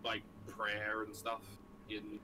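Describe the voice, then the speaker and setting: A man's voice: fairly low pitch, monotone, slow pace. A man playing a tabletop game who speaks hesitantly and stumbles over his words. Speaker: player. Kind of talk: casual tabletop game chat. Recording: noisy home recording.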